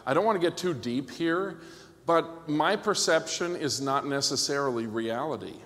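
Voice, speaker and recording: Pastor, man, conference sermon. Higher-pitched, animated and joking, checks in with "okay?". Long hall reverb. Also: moderate pace. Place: church hall.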